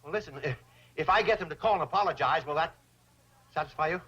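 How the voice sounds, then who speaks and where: An actor playing a pompous, fawning older bank president who grovels in flowery speech in a 1960s sitcom. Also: male voice, on the high side, fast talker, sharp tone, breathy edge. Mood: smooth. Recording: dull old TV soundtrack with hiss.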